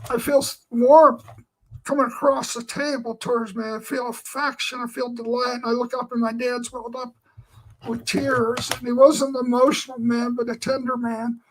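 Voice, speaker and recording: A man's voice: extremely high pitch, flat delivery, moderate pace, poor audio. A man giving an earnest personal testimony, telling his story in a meandering way with lots of filler phrases. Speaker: Christian speaker.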